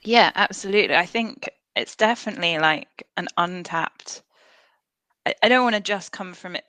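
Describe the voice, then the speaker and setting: A woman's voice: on the low side, pushed and bright, clean tone, no echo. A woman researcher talking as a podcast guest, earnest and thoughtful, with frequent fillers and restarts. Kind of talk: podcast interview.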